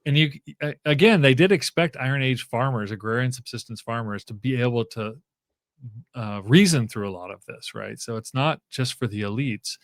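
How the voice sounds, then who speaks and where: A man's voice: medium pitch, moderate pace, dry recording. Chatty male guest, dry close sound. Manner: loose, thinking aloud with many fillers and restarts. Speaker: guest author and professor. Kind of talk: casual interview conversation.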